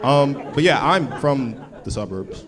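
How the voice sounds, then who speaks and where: A man's voice: mid-range voice, expressive, measured pace. A male stand-up comic from Los Angeles, working a live crowd. His punchlines come out loose and laid-back, and his talk is full of slangy asides. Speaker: stand-up comedian. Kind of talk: stand-up comedy set. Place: live comedy show before an audience.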